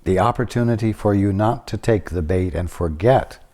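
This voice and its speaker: Man for a spiritual study-group talk: low, dark voice, deliberate and unhurried delivery with long pauses.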